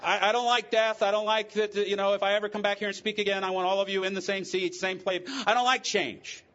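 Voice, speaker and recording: Telling his life story at a recovery convention, this middle-aged man mixes candor, jokes and emotion in a personal testimony. He speaks quickly in a high, level, slightly bright voice over dull audio.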